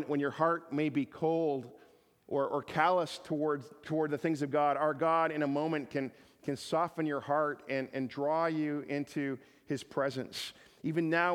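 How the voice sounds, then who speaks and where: Impassioned man preaching in a big hall. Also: fairly high pitch. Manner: repeats words, builds to emphatic peaks. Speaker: pastor. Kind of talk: sermon. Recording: long reverb of a large hall.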